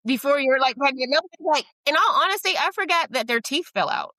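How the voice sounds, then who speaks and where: A middle-aged woman hosts a relaxed podcast chat, her voice bright and a little high. She talks openly, laughing at herself, and the close mic leaves the sound dry with no room around it. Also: quick pace, dry recording. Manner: candid, self-deprecating, chatty with frequent likes and you-knows. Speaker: podcast host.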